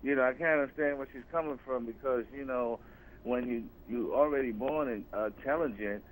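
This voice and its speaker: A man calling in to a radio show, halting and hesitant with many fillers. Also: medium pitch, a little hiss or hum, poor audio. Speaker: caller. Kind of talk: call-in radio talk.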